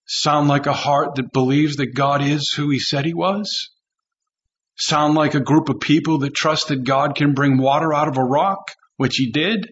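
A man's voice: a little high, fairly even intonation, unhurried, a bit bright, muffled recording. A male pastor preaching a sermon with an emphatic, repetitive cadence.

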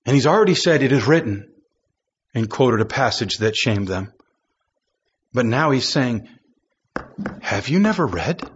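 A man's voice: mid-range voice, lively intonation, normal speed, long pauses, lo-fi sound, slight background noise. A man preaching a sermon, reading scripture aloud and acting out quoted voices, building to impassioned emphasis.

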